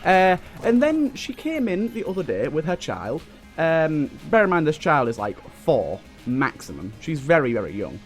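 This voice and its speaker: A man's voice: on the high side, huge pitch swings, normal speed. A young British man telling a rambling story over gameplay, with lots of restarts and fillers. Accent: British English. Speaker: let's play host. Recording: faint game music behind the voice.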